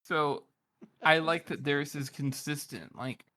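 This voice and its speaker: A man's voice: on the high side, slow, bright, forceful tone. A man co-hosting a casual book podcast, rambling and thinking aloud with many fillers. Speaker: podcast co-host.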